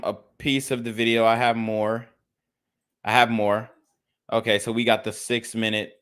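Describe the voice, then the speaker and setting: Male channel host, casual news commentary, blunt, profane, mid-pitched. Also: a bit bright, smooth.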